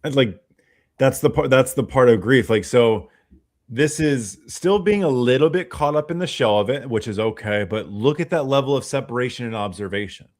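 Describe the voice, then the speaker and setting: An encouraging man speaking on a casual livestream. He coaches listeners warmly and keeps an upbeat, lively manner. He talks directly to viewers by name. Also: medium pitch, normal speed. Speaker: stream guest.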